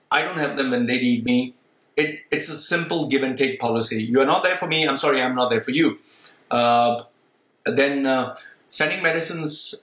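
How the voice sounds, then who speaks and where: A middle-aged male vlogger delivers a candid monologue straight to his viewers, blunt and emphatic, often repeating himself. His mid-range voice has a fairly bright tone, with a roomy echo on the recording.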